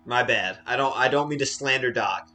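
A man running a tabletop role-playing game, relaxed and conversational. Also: mid-range voice, moderate pace. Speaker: game master.

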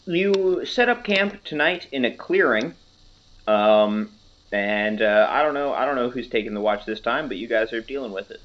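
A man narrating a tabletop game as game master, relaxed and joking, with hesitant fillers. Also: normal speed. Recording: muffled low-fidelity audio.

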